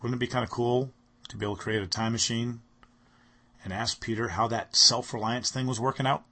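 A man's voice: mid-range voice, fairly even intonation, brisk, sharp tone. A man delivering a sermon, speaking earnestly and reading scripture aloud with rising emphasis. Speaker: preacher.

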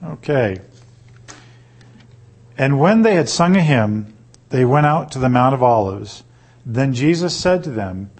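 A man reading scripture aloud and teaching on it, pausing to ask his listeners rhetorical questions. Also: mid-range voice, darkish tone, slightly rough. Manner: reads slowly, then explains with rhetorical questions. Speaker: Bible teacher.

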